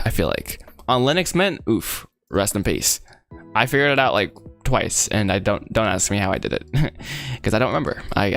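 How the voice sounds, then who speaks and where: Streaming his work as a 3D artist, a young man with a medium-pitched, slightly bright voice chats casually with viewers while building a 3D model. He rambles and laughs a lot along the way.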